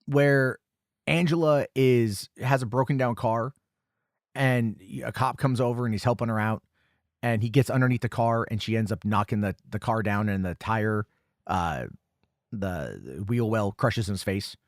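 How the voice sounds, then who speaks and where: A podcast host reviewing a film speaks in a lowish voice at a measured pace, recorded studio-clean without echo. His plot recap wanders, packed with filler words and self-corrections.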